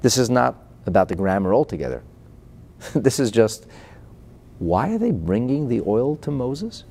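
A man's voice: mid-range voice, sing-song, measured pace, dark tone, slightly rough. A man teaching Torah and explaining a Chassidic discourse. He reads out Hebrew phrases, translates them into English, asks rhetorical questions and chuckles between points.

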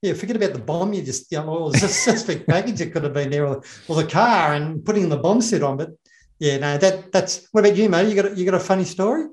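Australian man, middle-aged, ex-bomb tech, rambling casual storyteller, slightly high voice, echoey room. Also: quick pace, darkish tone. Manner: rambling, repeats words and acts out quotes. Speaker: former bomb technician.

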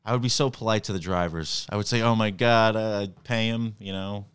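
A man hosts a casual comedy podcast, chatty and laughing often between his lines. His voice sits a little low and sounds smooth and clear. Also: steady tone, fairly quick, a bit bright.

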